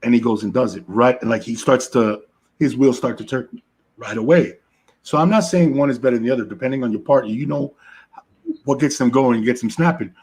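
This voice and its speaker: A man with a husky, slightly rough voice co-hosts a relationship podcast. He talks in a loose, conversational way, telling stories about couples and checking in with his co-host through lots of "right?" and "you know what I'm saying?" asides. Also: mid-range voice, a little fast, a little mellow. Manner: storytelling, frequent "right?" asides. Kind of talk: casual relationship talk.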